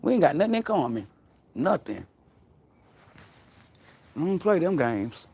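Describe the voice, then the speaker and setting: Blunt, laughing woman with lively pitch. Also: unhurried, a little hiss or hum. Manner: blunt, profane, laughing storyteller. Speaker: livestream host. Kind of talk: casual livestream chat.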